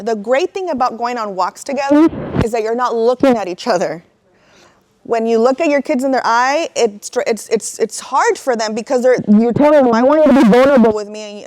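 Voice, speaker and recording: Chatty woman, somewhat high voice. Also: a little mellow. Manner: conversational, repeats "right?", emotional asides. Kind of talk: casual talk to parents.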